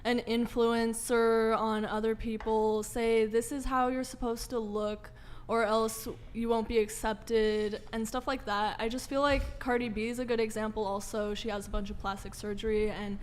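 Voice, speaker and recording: A young woman guest on a casual panel chat, soft-spoken and earnest. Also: a little high, flat delivery, moderate pace.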